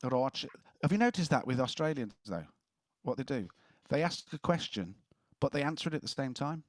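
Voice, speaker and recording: A man's voice: mid-range voice, very animated, brisk, dry recording, studio quality. Jokey man hosting a quiz. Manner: jokey, chuckling as he reads questions. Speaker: quiz host. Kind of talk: casual quiz chat.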